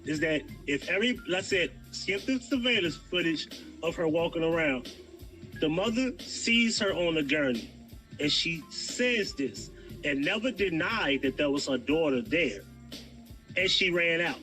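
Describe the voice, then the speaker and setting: A man's voice: on the high side, animated, measured pace, sharp tone, soft background music, low-quality recording. A man, arguing a theory as a guest on a livestream and insisting on finishing his point. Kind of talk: heated debate on a livestream.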